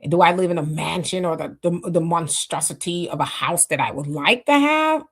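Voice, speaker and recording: A middle-aged woman with a fairly low voice hosts a live stream, reading out viewer comments. She talks in a loose, reflective way, full of fillers and restarts. Her mouth sounds dry from fasting. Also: lively intonation, husky. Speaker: livestream host reading chat comments. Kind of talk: casual live talk.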